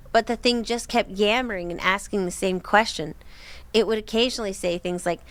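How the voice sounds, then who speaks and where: A woman's voice: mid-range voice, fairly quick, fairly bright tone. Young woman reading a horror story. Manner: reads with giggling asides and swearing. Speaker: story reader.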